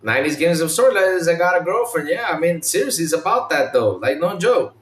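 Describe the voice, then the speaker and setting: A man hosting a casual gaming podcast, animated, imitating game sounds and swearing casually. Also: a little high, a little fast, reverberant. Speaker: podcast host.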